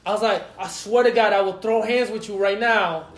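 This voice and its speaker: Speaking briskly in a roomy-sounding space, this podcast host has a high voice and tells a rowdy story in relaxed conversation. He's animated, swears heavily, and performs the quoted lines.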